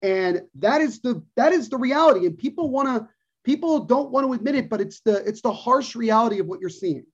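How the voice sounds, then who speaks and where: A podcast co-host with a very high-pitched, husky voice rants emphatically about sports, talking a little fast and with lots of expression. He repeats his points for stress in this casual, opinionated chat, captured in dull lo-fi podcast audio.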